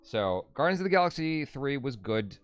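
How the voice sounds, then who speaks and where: A man's voice: medium pitch, big pitch swings, normal speed, soft background music. A man co-hosting a casual live stream, reading viewer comments aloud and reacting. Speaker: co-host reading live chat.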